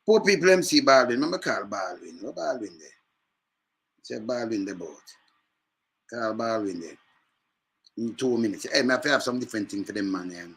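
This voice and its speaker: A man chatting casually in patois, telling animated stories with lively jumps in pitch. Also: moderate pace, gravelly, long pauses, slight background noise. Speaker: speaker in a reggae scene video.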